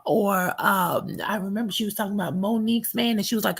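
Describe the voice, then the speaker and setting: A woman hosting a reality TV recap show, blunt and sarcastic, with a quick put-down for everyone she talks about. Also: mid-range voice, husky. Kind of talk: sassy reality TV recap commentary.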